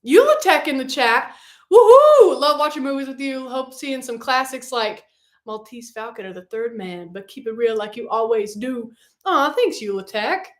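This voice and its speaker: A woman's voice: a little high, moderate pace, reverberant. A woman hosting a casual livestream, chatty and bubbly as she reads and answers viewer comments. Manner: chatty and bubbly, with loud excited reactions. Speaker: livestream host.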